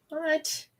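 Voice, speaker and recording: A woman giving live intuitive readings to viewers in a casual, rambling way, with many restarts and sudden quoted voices. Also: a bit bright.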